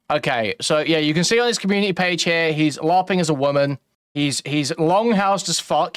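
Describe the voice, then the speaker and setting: A man's voice: a little high, clear, resonant tone, no echo, clean studio sound. A man giving casual reaction commentary in a blunt, mocking way, with a lot of swearing.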